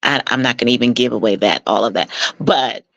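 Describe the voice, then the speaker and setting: In a lo-fi, dry recording, a marital coach being interviewed tells conversational stories about couples she's worked with at a fairly quick pace. Warm, persuasive, and mentoring, she brings the stories to life by acting out quoted dialogue with jumps in pitch.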